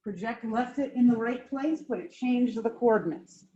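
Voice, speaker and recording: A woman instructor giving a classroom software demonstration, blunt and informal, with quick asides to her students. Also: on the high side, husky, highs cut off. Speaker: GIS instructor.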